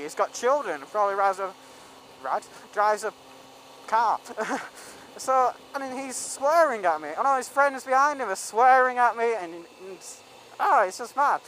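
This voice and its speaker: A man's voice: extremely high pitch, lively intonation, normal speed, a bit bright, a little hiss or hum, poor audio. A young man telling a rambling story in a casual vlog, full of ums and restarts. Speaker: vlogger.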